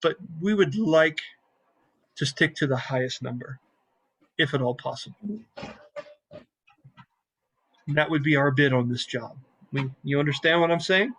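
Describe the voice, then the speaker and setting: A man voicing a calm, shrewd male airship crew leader who speaks quietly and in a measured way. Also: breathy edge, heavily acted, low-quality recording. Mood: sly. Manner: quiet, measured, low-voiced.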